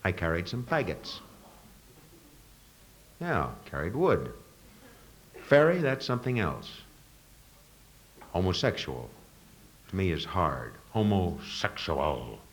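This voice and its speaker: A man's voice: sits low, wildly swooping pitch, measured pace, pauses often, poor audio. A man from the northern United States doing a stand-up routine with a rambling, stop-start delivery before a live audience. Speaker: stand-up comedian. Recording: live audience crowd noise.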